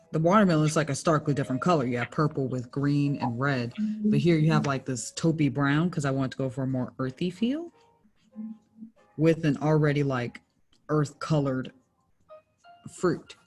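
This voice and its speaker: A woman's voice: low voice, normal speed, long pauses, darkish tone, soft background music. A young woman working for a library, teaching a small painting class in a casual, chatty way with lots of "like" and self-corrections. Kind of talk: casual craft tutorial.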